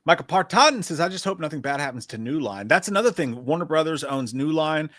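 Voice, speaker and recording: A man co-hosting a casual livestream discussion, talking in an animated, profane, rambling way as he reads through a list. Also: a little high, brisk, no room sound, studio quality. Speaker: podcast co-host.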